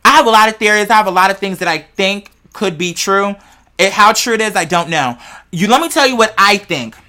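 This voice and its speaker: A podcast host in casual chat, rambling through wild theories in a slangy, profane, animated way and talking straight to listeners. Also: medium pitch, brisk.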